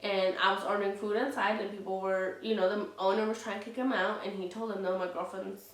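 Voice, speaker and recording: A woman's voice: medium pitch, flat delivery, fast talker, distant mic. A woman vlogging in a candid, casual way, speaking frankly and heatedly, swearing freely and leaning on fillers like "you know". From Latina heritage. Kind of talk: casual candid vlog talk. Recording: roomy sound, speaker some way from the mic.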